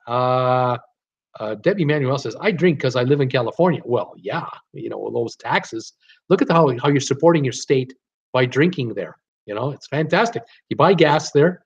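A man's voice: on the high side, lo-fi sound. Chatty man hosting live-stream trivia. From Canada. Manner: reads viewer guesses aloud, chatty and joking.

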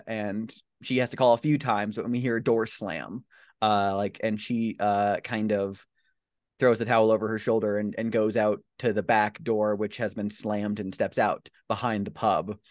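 A low-voiced man narrating his character's scene in a tabletop game, stopping and restarting often and leaning on fillers. His voice sounds dry and close, with no room echo around it. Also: steady tone. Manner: halting, full of fillers and restarts.

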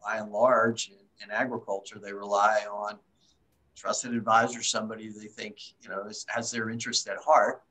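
A man's voice: lowish voice, level tone, moderate pace, sharp tone, rough recording. A man, a company chief executive, answering panel questions in a hesitant way with many restarts.

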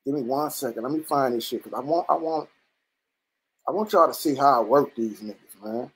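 Brief: combative livestream host, blunt and profane, restarts a lot, average pitch. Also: fairly quick, husky, poor audio. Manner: repetitive restarts, rising into near-shouts. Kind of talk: casual livestream commentary. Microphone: computer or phone mic on a live stream.

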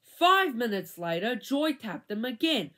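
A woman reading a children's chapter book aloud with animated expression. Her fairly high voice rises and falls widely from line to line. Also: unhurried. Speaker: reader.

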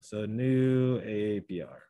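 A man's voice: on the low side, animated, slow, mellow, no echo. Dry-sounding male teacher working through steps. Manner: talks through steps, self-correcting. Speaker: math teacher. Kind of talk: classroom lesson.

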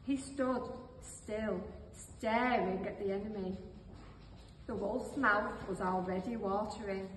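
A woman reading a storybook tale aloud slowly and expressively. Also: medium pitch, a little hiss or hum. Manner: slow, expressive. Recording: echoey hall, voice from far off.

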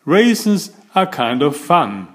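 Teasing schoolboy, jeering then sulky, high storybook voice, lively swings, read by a man. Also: takes it slowly, full character voice. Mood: tempted.

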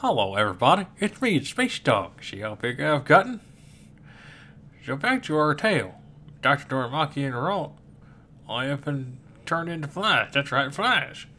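A man's voice: a little high, very animated, normal speed, pushed and bright, full character voice. A man voicing a chatty talking space dog who addresses the listeners as narrator. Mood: cheery. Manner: cheery direct address to listeners.

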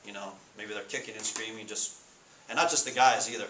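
A man giving a casual sermon to students, asking the room questions and reading scripture slowly. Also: on the low side, fairly even intonation, sharp tone. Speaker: Bible study speaker. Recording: echoey room with faint noise.

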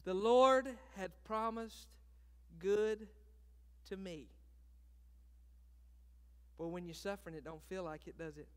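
High, bright-voiced man preaching in a hall. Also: fairly even intonation, slow, pauses often, smooth. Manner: swings between hushed, intimate talk and loud, fervent preaching; calls out to the congregation with questions. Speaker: pastor. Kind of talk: sermon. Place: church sanctuary. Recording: long reverb of a large hall.

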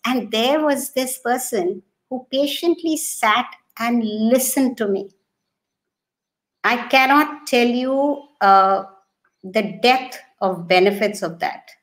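A woman with an Indian accent giving an animated storytelling talk, slipping into Hindi now and then and acting out voices. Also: a little high. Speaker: storyteller and educator.

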